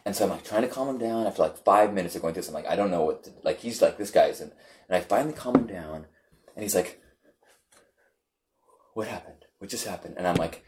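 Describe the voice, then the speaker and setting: Low-voiced man telling a rambling story. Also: fast talker, a little hiss or hum. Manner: rambling, animated storytelling with restarts and acted-out quotes. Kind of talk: casual conversation among friends.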